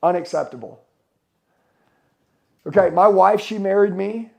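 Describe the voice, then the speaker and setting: A middle-aged man with a slightly high, gravelly voice preaches hustle and mindset to a conference crowd. He is blunt and fired-up, swears freely, and keeps throwing questions at the listeners. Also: unhurried. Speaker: motivational speaker. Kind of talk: profane motivational speech to a live audience. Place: conference hall with a live audience.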